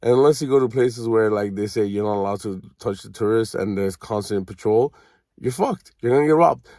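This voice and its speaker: Young man from Canada, low-pitched, sarcastic profane rant, dry close sound. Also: a little fast, dark tone, dry recording. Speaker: vlogger. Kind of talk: casual ranting monologue.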